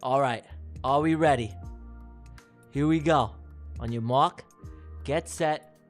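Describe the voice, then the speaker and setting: A livestream host running giveaway races, calling them with excitable, teasing commentary and repeated catchphrases. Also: mid-range voice, slow, faint music behind. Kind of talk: playful live race commentary. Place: live stream broadcast.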